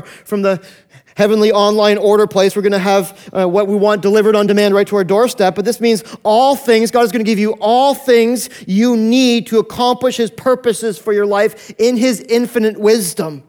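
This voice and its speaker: A male pastor preaching a sermon to his congregation. He acts out voices in the quoted dialogue and moves between loud, urgent lines and hushed ones. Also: high-pitched, fairly even intonation, a little fast, smooth.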